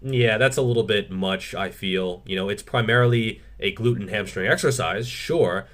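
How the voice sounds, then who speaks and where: A man's voice: on the low side, normal speed, a bit bright. A man answering viewer questions in a casual Q&A, reading each one aloud and then replying frankly, swearing freely. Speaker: fitness YouTuber.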